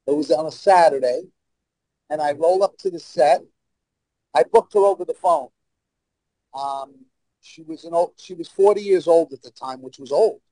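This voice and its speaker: A man's voice: fairly high pitch, normal speed, long pauses, warm tone, no echo, rough recording. A man with a New York accent telling blunt, brash stories as a talk-show guest. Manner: brash, blunt anecdotal storyteller. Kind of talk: casual storytelling.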